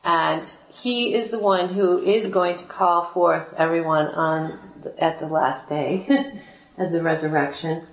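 A woman reading scripture aloud and explaining it in an animated way, laughing often as she teaches. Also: low voice, slow. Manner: animated, laughs often, acts out quoted voices. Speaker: Bible study teacher. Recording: roomy echo.

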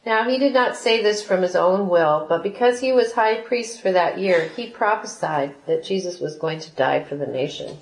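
A woman reading scripture aloud and explaining it in an animated way, laughing often as she teaches. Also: on the low side, normal speed, hardly any pauses. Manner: animated, laughs often, acts out quoted voices. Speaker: Bible study teacher. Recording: roomy echo.

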